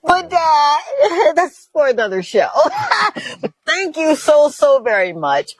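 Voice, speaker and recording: High-voiced effusive woman host. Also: wildly swooping pitch, slow, no echo, low-quality recording. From Mississippi, USA. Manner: effusive, chatty, laughs often. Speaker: talk show host. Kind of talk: talk show hosting to camera.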